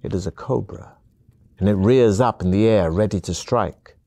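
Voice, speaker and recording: Male narrator for a fantasy video game: scripted second-person telling, calm and measured, very low and dark, with a dry close sound. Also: dry recording.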